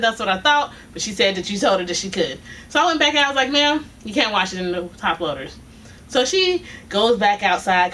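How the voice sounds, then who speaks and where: Bright, animated woman telling a story. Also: fairly high pitch. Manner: animated, quoting both sides, laughing often. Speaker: vlogger telling a work story. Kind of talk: casual storytelling. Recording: distant mic with faint noise.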